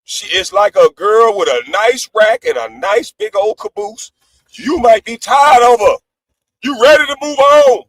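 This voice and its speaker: A high-pitched man rants brashly, swearing freely and switching from loud outbursts to low asides. His voice sits close and dry, with no room around it. It sounds like a heated livestream call-in. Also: animated, normal speed, no room sound, low-quality recording. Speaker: panelist on a live stream.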